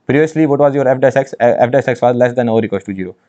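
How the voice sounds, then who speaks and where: A man's voice: mid-range voice, rapid-fire, dark tone. A man teaching engineering maths in an online exam-prep lecture, emphatic, repeating phrases and asking rhetorical questions. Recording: dull lo-fi sound.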